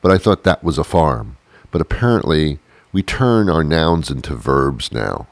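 A man with a very low, deep voice rambles through a deadpan comic monologue, full of mock-confused asides. The recording is dry and close, with no room sound at all. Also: a little slow, no echo. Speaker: comedian. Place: sitting on a porch outdoors.

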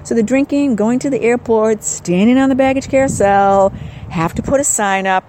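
Older woman, mellow voice, chatty and wry, rambling travel chat, faint background noise. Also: a little high, normal speed, poor audio. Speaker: podcast host. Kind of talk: casual travel vlog monologue. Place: outdoors then indoors, on a trip.

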